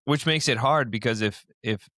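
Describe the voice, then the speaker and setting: A man hosting a podcast, chiming in with quick agreement and short lines of reasoning. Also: mid-range voice, bright, forceful tone, dry recording, studio quality. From United States. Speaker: podcast host. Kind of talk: casual podcast chat.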